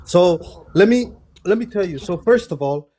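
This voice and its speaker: Mellow man giving a firm rebuttal. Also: high-pitched, expressive. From Somalia. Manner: measured, firm, calls listener brother. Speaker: panel participant. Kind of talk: live-stream debate.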